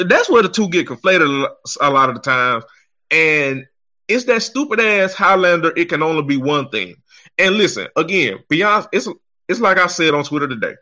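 Heated ranting man, bright and lively. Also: a little high. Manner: heated, exasperated, swears heavily. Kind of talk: profane ranting commentary.

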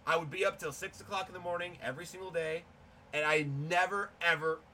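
A man's voice: high-pitched, steady tone, fast, sharp tone, a little hiss or hum. A young man co-hosting a podcast in casual chat, laid-back, swearing and telling stories. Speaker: podcast co-host.

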